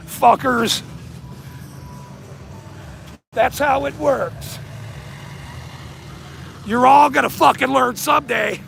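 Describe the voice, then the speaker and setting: A man livestreaming outdoors in a parking lot on a handheld camera, taunting people, shouting insults and laughing often. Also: very high voice, takes it slowly, creaky, a little hiss or hum. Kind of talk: livestream rant.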